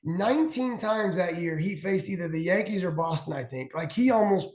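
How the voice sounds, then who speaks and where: A man in his forties, a former pitcher who is a guest on a show, telling long stories in a rambling way with many restarts and fillers. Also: expressive, normal speed, darkish tone. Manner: rambling, restarts a lot, heavy "like". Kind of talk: casual storytelling chat. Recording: roomy echo.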